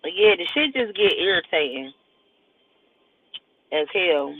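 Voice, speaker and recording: High pitched guy on a livestream, joking around and laughing, sounds like a phone mic. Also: huge pitch swings, slow, creaky, slightly rough, dry recording. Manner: rambling, joking, laughs often. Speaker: livestream host. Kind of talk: casual livestream chat. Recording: tinny phone-like audio with faint hiss.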